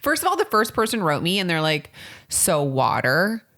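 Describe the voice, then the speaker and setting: A woman's voice: mid-range voice, big pitch swings, fast talker, bright, forceful tone. A woman in her thirties co-hosting a podcast in casual chat, bubbly, laughing often and acting out what people said. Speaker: podcast co-host.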